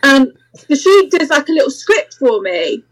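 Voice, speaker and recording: A woman's voice: sits high, moderate pace, low-quality recording. A woman, a guest in an interview, telling a story candidly and acting out the voices of the people in it. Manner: animated, acts out quoted voices, laughs through the story.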